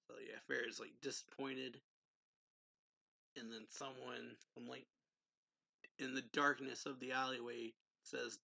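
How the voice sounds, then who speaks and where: Gravelly, bright-voiced male manga reviewer. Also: mid-range voice, level tone, a little slow, long pauses, rough recording. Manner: retells scenes loosely with lots of "so, yeah" and "he's like". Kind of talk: casual chapter recap.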